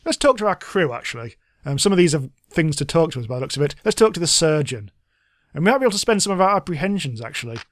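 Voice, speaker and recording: A man's voice: fairly high pitch, big pitch swings, quick pace, no echo, studio quality. A man giving casual, chatty gameplay commentary, reading game text aloud and laughing often. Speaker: let's play host.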